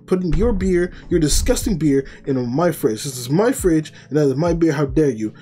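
A man's voice: a little high, animated, normal speed, mellow, slightly rough, soft background music. A man voicing a greedy bullying boss. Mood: indignant. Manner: contemptuous and bullying. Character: greedy, abusive male company boss.

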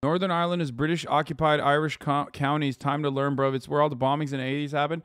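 A man's voice: a little high, level tone, fast talker, hardly any pauses, a bit bright, no room sound, studio quality. A man hosting a livestream, reacting casually with profane, sarcastic, rambling talk full of restarts. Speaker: livestream host. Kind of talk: casual stream reaction commentary.

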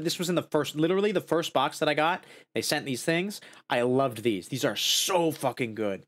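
A man talks at normal speed with few pauses as he streams a casual snack tasting. Excitable, he leaps into high squeals of joy and dismay, then murmurs as he savors each taste.

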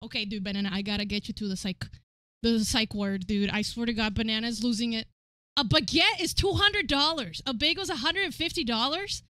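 A woman streamer chatting in a casual, animated way, exasperated and quick to swear. Her voice is high and piercingly bright. The sound is close and dry. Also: no echo. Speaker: livestream host. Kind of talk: casual live-stream chat.

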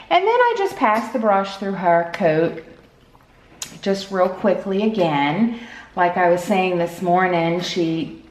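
Slow-talking chatty woman in an echoey room. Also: fairly low pitch, a little hiss or hum. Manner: chatty, frequent "you know" fillers. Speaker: pet vlogger. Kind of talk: casual chat. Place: home at night.

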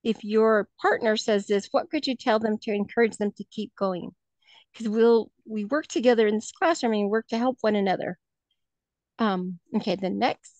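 A woman's voice: medium pitch, moderate pace, darkish tone, dry recording. Hesitant woman teacher presenting a lesson. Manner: hesitant, many fillers and restarts.

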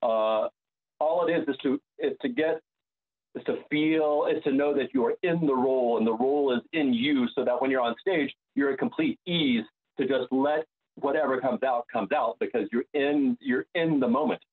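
Brief: American opera bass as interview guest, mid-pitched, searching and full of fillers, heard over a thin phone-like line. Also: male voice, normal speed, husky. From United States. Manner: searching, restarts sentences, many fillers. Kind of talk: reflective interview conversation.

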